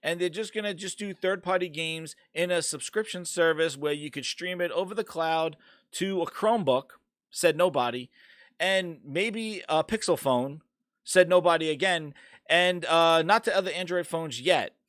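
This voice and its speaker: A man hosting a casual gaming podcast, ranting loudly and swearing as he talks through the news. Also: a little high, moderate pace, no room sound, clean studio sound. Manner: ranting, profane, animated. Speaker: podcast host.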